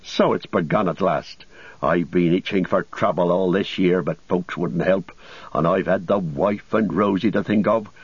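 A man voicing a gruff, eager older male hobbit farmer who talks in blunt, rustic exclamations. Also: sits low, normal speed, no echo. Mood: hearty. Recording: dull lo-fi recording.

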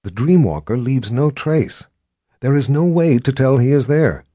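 A man reading the part of a watchful young sorceress in an audiobook, speaking in a hushed, urgent whisper. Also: mid-range voice, expressive, unhurried, no room sound, studio quality, pitched above the performer's own voice.

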